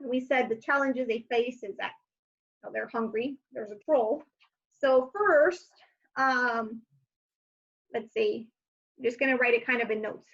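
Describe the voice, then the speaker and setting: A woman teacher giving a recorded lesson, saying each word slowly and clearly for young learners. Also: on the high side, dull audio.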